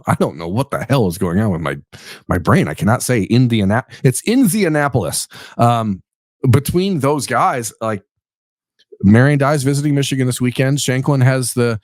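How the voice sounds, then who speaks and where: Man, podcast host, low voice, tired, rambling, jokey, dry recording. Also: darkish tone, dry recording. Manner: rambling, self-correcting, jokey. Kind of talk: casual sports talk.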